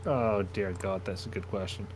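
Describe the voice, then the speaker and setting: A man's voice: lowish voice, steady tone, moderate pace. A man on a casual panel chat, dry and sarcastic. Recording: crowd noise behind the voice.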